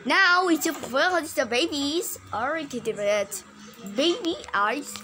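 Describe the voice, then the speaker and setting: A woman giving excitable, casual gameplay commentary, exclaiming and repeating her words. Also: sits high, slow, poor audio. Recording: game music playing behind.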